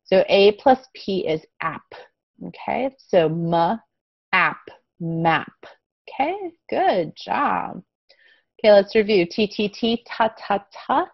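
Slow, clear woman teaching phonics. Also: medium pitch, no echo. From United States. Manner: slow, clear, encouraging, repeats letter sounds. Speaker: kindergarten English teacher. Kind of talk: online phonics lesson for young children. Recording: dull, dry lo-fi sound.

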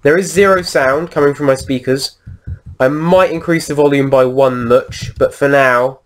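Man hosting a gameplay video, mid pitch, rambling casual commentary while he plays. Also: normal speed. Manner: rambling, lots of ums and restarts while he plays.

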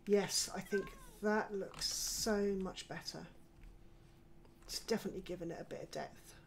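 An older British woman giving casual commentary while she plays a game. She talks to herself, gently scolds herself, and sometimes drops to a whispered mutter. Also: medium pitch, moderate pace, gravelly, a little hiss or hum. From United Kingdom. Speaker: gaming channel host.

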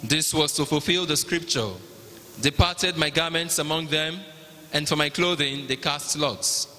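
A man with a Nigerian accent narrating the Passion at a liturgy, in a measured, even reading. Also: fairly high pitch, soft background music. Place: large cathedral. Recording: long cathedral reverb.

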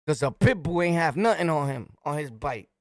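A middle-aged man from Brooklyn with a New York accent, telling a street story in a swaggering, animated way and shouting his punchlines. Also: a little high, brisk, dry recording, clean studio sound. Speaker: storyteller, channel host.

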